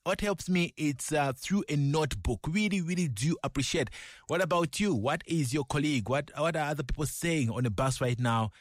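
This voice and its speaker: A man's voice: a little high, fairly quick, dry recording. A man hosting a Christian radio show, upbeat and effusive, talking from a studio mic. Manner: effusive, warm-hearted and exclamatory.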